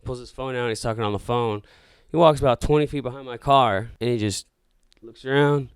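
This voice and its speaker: A man hosting a podcast, casually telling a story in a loose, profane, animated way full of acted-out dialogue. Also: mid-range voice, brisk, smooth, no echo, clean studio sound. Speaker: podcast host.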